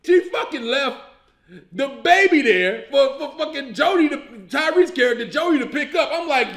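Comedian host from Illinois, male, high voice, loud profane incredulous rant, echoey room. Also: sing-song, normal speed. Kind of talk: animated comedic movie rant.

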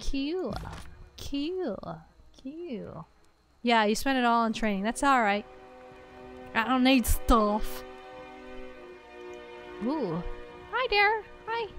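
A woman hosting a game stream, chatting casually and reacting with quick exclamations as she plays. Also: high-pitched. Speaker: streamer and show host. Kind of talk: casual let's-play commentary.

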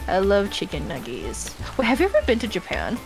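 A woman's voice: medium pitch, huge pitch swings, fairly quick, low-quality recording. A young woman chatting casually while playing a co-op cooking game, giggly and exclamatory. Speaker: gaming streamer. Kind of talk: casual co-op gameplay chat. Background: game music.

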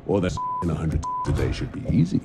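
An actor playing a stern, gruff buffalo police chief in an animated film, brusque and commanding. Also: male voice, deep voice, brisk, background noise, full character voice.

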